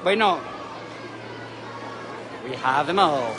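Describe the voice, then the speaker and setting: Speaking slowly in a voice on the high side, a male travel vlogger excitedly narrates live from an outdoor city balcony over a parade street. He gushes and chats eagerly as the recording picks up loud crowd and street noise, cheers and church bells.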